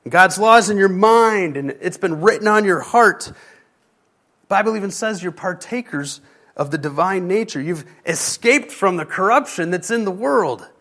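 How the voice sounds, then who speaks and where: A man's voice: sits high, expressive, moderate pace, a bit bright. A man preaching a sermon, speaking directly to his church and rising in intensity. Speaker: pastor.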